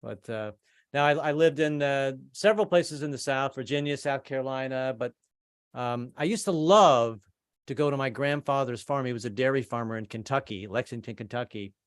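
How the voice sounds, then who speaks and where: A man's voice: medium pitch, normal speed, smooth, no echo, studio quality. A man doing a rambling stand-up set over a video call, stammering and repeating himself between jokes. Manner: rambling, stammering, trades in put-on voices. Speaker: stand-up comedian.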